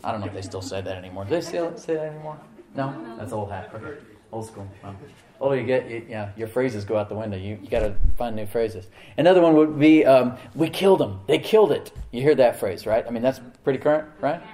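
A man's voice: medium pitch, lively intonation, fast talker, warm tone. A middle-aged man preaching a sermon as pastor, talking conversationally and often asking the congregation questions.

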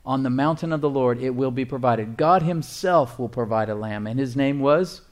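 A male pastor preaching a sermon, emphatic, repeating phrases and reading scripture slowly. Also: medium pitch.

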